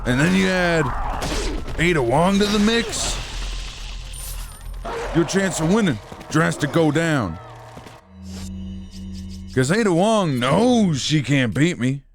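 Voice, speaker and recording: A man doing an impression of a boastful, shouting male wrestler who lays out fight odds in a blustering voice. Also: a little high, very animated, takes it slowly, pauses often, over music, pitched above the performer's own voice, full character voice. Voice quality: loud, blustering.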